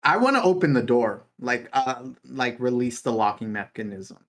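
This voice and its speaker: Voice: mid-range voice, animated, normal speed. A player in a tabletop game, speaking casually with many hesitations. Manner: hesitant, full of ums and likes.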